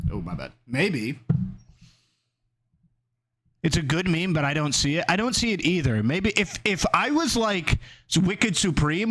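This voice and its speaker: A man's voice: a little high, a bit bright. A male streamer in casual chat, riffing loosely and reading his chat aloud.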